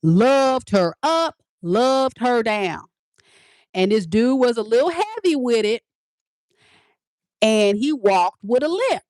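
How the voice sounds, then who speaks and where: A woman, a teacher and tarot reader, casually telling her viewers a story in an animated, emphatic way, repeating lines for effect. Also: on the high side, slow, long pauses, no echo, clean studio sound. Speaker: tarot reader and spiritual advisor.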